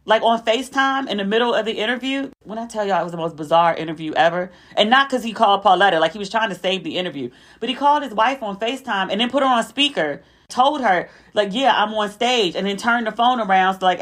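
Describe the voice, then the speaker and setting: A young adult woman hosts her podcast in a casual, chatty way, running through stories with plenty of asides. Her voice sits at a middle pitch, and she jumps higher whenever she acts out what someone else said. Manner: chatty storytelling, acting out quotes with a raised pitch. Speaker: podcast host. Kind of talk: casual chat.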